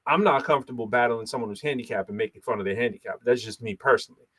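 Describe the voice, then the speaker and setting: A man in his thirties hosting a casual talk show, animated, laughing often and talking with many fillers. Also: medium pitch, rapid-fire. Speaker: podcast host and battle rapper. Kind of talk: casual chat.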